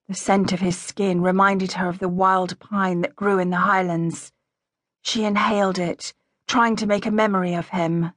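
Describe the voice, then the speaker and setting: A woman reading a historical romance audiobook in a smooth, even storytelling manner. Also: on the low side, measured pace, dry recording. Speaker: audiobook narrator. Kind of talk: scripted narration. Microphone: close studio mic. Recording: dry close-miked studio.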